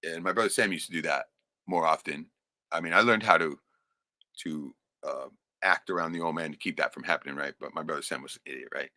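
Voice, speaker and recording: A man's voice: rumbling low, quick pace, bright, forceful tone, dry recording, studio quality. A middle-aged man telling stories from his life in a rambling, profane way, often ending lines with "right?". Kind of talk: casual storytelling.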